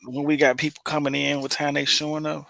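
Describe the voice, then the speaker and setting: A man co-hosting a casual chat, teasing and joking in quick asides. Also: a little high, flat delivery, gravelly, sharp tone, no room sound.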